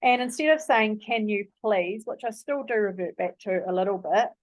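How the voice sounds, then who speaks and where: A woman's voice: medium pitch, animated, fairly quick, dry recording. A woman giving parenting advice in a casual, earnest way, with frequent ums and likes. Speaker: parenting coach. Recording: dry, phone-like narrow sound.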